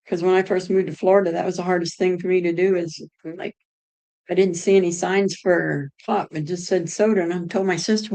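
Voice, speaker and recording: Chatty middle-aged woman from Ohio, lower voice. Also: fairly even intonation, a little fast, warm tone, low-quality recording. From Ohio, United States. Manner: chatty, rambling, answers chat aloud. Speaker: streamer chatting with viewers. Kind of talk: casual chat.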